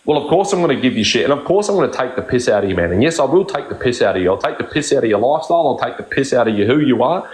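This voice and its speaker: A man's voice: medium pitch, expressive, very fast, hardly any pauses, a little mellow. Blunt swearing man in echoey room. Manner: blunt, swears constantly, repeats himself. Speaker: live stream host. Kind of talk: heated casual chat.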